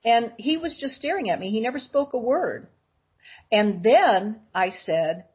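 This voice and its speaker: A woman's voice: a little high, a little slow, husky, dull audio. A woman guest telling personal stories, acting out the voices of the people in them. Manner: animated storyteller acting out voices. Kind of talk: personal storytelling.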